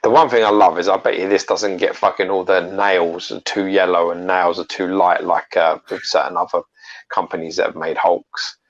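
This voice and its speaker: A man's voice: deep voice, flat delivery, normal speed, dull audio. A man co-hosting a casual chat about collectible statues, opinionated and profane, often restarting his sentences. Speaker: collectibles show co-host.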